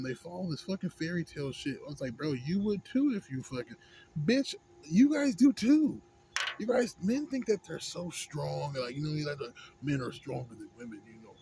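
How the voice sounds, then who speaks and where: Rambling, swearing young American man venting. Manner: rambling, heavy slang and swearing, frequent "you know what I'm saying"; swings between mumbling low and loud heated outbursts. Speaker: vlogger. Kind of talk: casual profane rant. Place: indoors at home, smoking a pipe. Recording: home recording with clear background noise.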